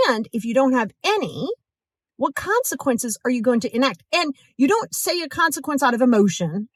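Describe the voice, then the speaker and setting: A woman's voice: on the high side, big pitch swings, moderate pace, dry recording, studio quality. A woman hosting a motivational podcast, talking directly and emphatically to the listener. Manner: direct, emphatic, acts out quoted voices. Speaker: podcast host.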